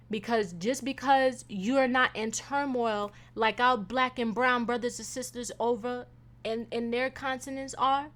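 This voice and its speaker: A young woman hosting a casual solo podcast, venting in a profane, animated way with sudden loud bursts. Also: fairly high pitch, unhurried. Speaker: podcast host.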